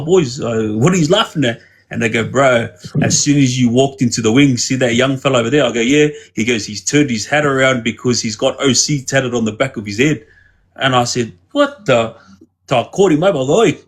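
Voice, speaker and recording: Husky man, casual storyteller, rambling delivery, acts out dialogue. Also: mid-range voice, brisk. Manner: rambling, with many restarts and quoted dialogue. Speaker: guest telling prison stories on a livestream.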